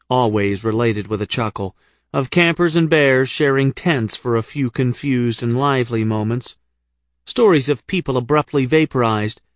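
Reading close to the microphone, an American man narrates his comic travel memoir as a first-person audiobook, wry and dry in tone. The voice is mid-range with no room sound.

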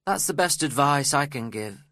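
A man voicing a cold, indifferent young woman in a storybook reading, speaking slowly and dismissively. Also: medium pitch, expressive, pushed and bright, no room sound, clean studio sound, voice pushed up.

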